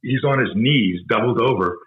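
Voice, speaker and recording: A man's voice: mid-range voice, moderate pace, phone-quality sound. A middle-aged man who teaches self-defense, a podcast guest telling a story with emphasis and plenty of swearing. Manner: emphatic, profane, vivid storyteller. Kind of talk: intense storytelling in a podcast interview.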